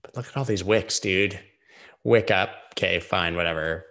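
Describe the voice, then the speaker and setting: Deep-voiced man rambling over charts. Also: fairly bright tone. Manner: joking, rambling, quick asides. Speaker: host of a live charting stream. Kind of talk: casual live-stream chart analysis.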